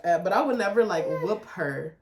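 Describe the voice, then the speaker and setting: A woman with a Detroit accent co-hosts a podcast, chatting candidly and cursing a lot while laughing often and putting on a high voice to imitate her child. Her voice is expressive and moderately paced, recorded in an echoey room with slight background noise.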